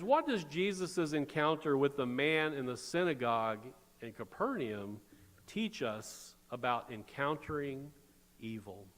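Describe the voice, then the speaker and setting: A man's voice: fairly high pitch, fairly bright tone. A man preaching a sermon as pastor, conversational, with wry asides. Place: church sanctuary. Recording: long church reverb.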